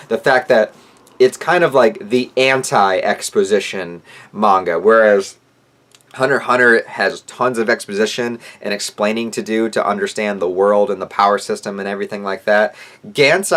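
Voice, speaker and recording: A man's voice: lowish voice, a bit bright. A man reviewing a manga on his own channel, talking in a casual, rambling and enthusiastic way with plenty of fillers.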